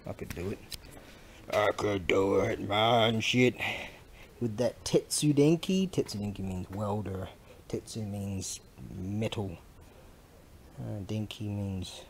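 A man's voice: fairly low pitch, a little mellow, slight background noise. A man rambling casually to the camera while working with tools, crude and joking, with mumbled asides. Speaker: vlogger selling Japanese goods.

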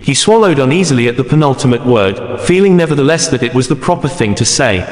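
A man narrating a classic story in a measured read-aloud style. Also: mid-range voice, lively intonation. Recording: roomy long reverb.

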